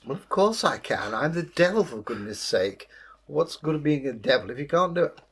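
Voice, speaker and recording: A man voicing a pompous male devil who calls himself a sporting gentleman, in a told folktale. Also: fairly high pitch, sing-song, moderate pace, slightly rough, full character voice.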